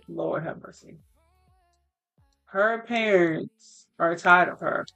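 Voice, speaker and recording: A woman casually narrating a life-sim game story, rambling with fillers and the odd curse. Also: lowish voice. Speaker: let's play creator.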